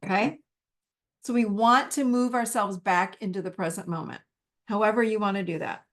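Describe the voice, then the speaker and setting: A woman's voice: mid-range voice, normal speed. A woman teaching a live masterclass in a conversational way, acting out the little inner dialogues she has with herself. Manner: warm, conversational, acts out her own inner dialogue.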